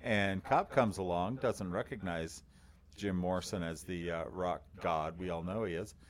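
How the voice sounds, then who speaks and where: A man co-hosting a podcast with a baritone voice, telling a long story in a relaxed, rambling way with lots of fillers. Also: moderate pace. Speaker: podcast co-host. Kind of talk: casual chat.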